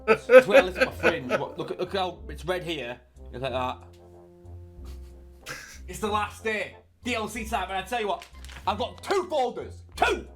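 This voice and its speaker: Giggly, animated man ranting. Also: high voice, normal speed, pauses often, soft background music. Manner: animated, breaks into giggling fits and loud mock outbursts. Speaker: video creator. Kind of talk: reading a game guide aloud with comic rants.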